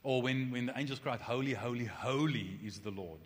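A male pastor delivers a sermon in a conversational, animated way, often restarting his sentences and dropping in quick asides. His mid-pitched voice carries a long reverb from the hall around him.

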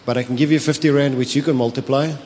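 A pastor with a South African accent, preaching a sermon, telling stories with animation, slipping into Afrikaans and laughing often. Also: male voice, medium pitch, steady tone, fast, a little mellow, slight background noise. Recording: long hall reverb with faint ambience.

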